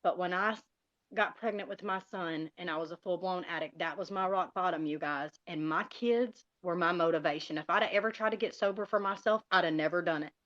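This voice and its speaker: A woman's voice: fairly low pitch, fairly quick, fairly bright tone, dry recording. Earnest woman sharing her testimony. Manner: earnest, repeatedly addresses listeners as "you guys". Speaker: recovery speaker on a live stream. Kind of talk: emotional personal testimony. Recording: dull, dry lo-fi sound.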